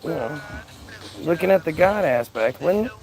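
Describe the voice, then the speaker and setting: Man, livestream host, sarcastic mocking rant, slightly high voice, gravelly. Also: lively intonation, a little slow, a little mellow, low-quality recording. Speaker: livestream host reading chat.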